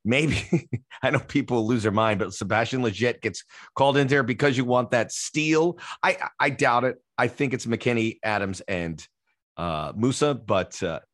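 A man with a lowish voice hosts a casual soccer podcast. He talks freely, laughing often and tossing in quick asides. The sound is dry and close. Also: a bit bright, dry recording. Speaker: podcast host.

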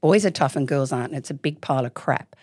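A woman's voice: a bass voice, darkish tone, slightly rough, dry recording, studio quality. A middle-aged woman, a parenting expert speaking candidly and emphatically in a casual interview. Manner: candid, emphatic, quick to act out voices.

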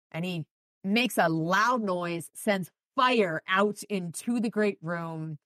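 A woman's voice: mid-range voice, slow pace, fairly bright tone, dry recording. A woman hosting a podcast, casually recapping a novel and reading quoted passages with light voices. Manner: reads quotes from the book with light voices, chatty asides. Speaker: podcast host recapping a book. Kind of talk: casual book recap with read-aloud passages.

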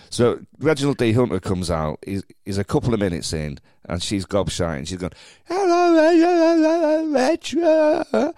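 A man hosting a podcast, telling stories in a lively, casual way with stammered restarts. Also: low voice, moderate pace, no echo, clean studio sound. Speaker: podcast host.

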